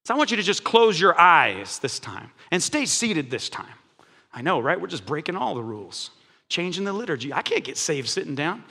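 Male pastor preaching, chatty and bright, high voice, long church echo. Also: moderate pace, vocal fry, husky. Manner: lively, conversational, laughs while preaching. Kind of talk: sermon. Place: church sanctuary. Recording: long church hall reverb.

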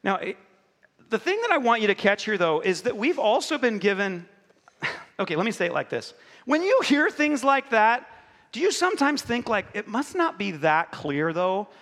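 Guy preaching, cracks jokes at the crowd, bright voice with long church reverb. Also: very high-pitched, moderate pace. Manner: joking, animated, talks to the congregation. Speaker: pastor. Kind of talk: sermon. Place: church hall. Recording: live in a reverberant hall.

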